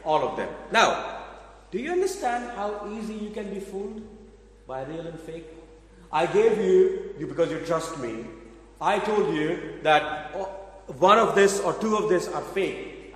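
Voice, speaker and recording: Male preacher, slightly high voice, conversational storytelling sermon, heavy echo of a large hall. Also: slight background noise. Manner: conversational, addresses audience with questions. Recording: echoey hall from afar.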